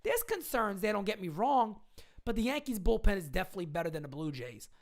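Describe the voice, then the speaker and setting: A woman's voice: mid-range voice, very animated, quick pace. A woman hosting a casual live stream chat, talking in slangy, emphatic bursts, repeating her points and answering viewer questions. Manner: slangy fan talk, occasional swearing.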